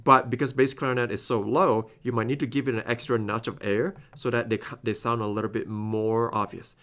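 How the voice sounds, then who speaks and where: A male clarinet teacher walks through a solo, talking students through breaths, accents and triplets. His voice is bright and ringing, with a smooth, clean tone. Now and then he sings the phrases on syllables to show them. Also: mid-range voice, level tone, brisk. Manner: explains phrasing and sings passages on scat syllables. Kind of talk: recorded masterclass instruction.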